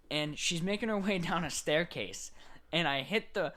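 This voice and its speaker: A young man co-hosting a casual podcast, telling game stories with lively acted-out voices. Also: a little high, moderate pace. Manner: animated storyteller, acts out game characters. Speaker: podcast co-host. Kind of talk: casual chat.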